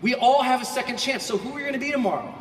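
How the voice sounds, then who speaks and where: A man giving a motivational keynote to a large audience. He swings between quiet reflection and shouted bursts, and he acts out quoted voices. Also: extremely high pitch, animated, racing, slight background noise. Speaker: motivational speaker. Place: large hall. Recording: echoey hall from far off.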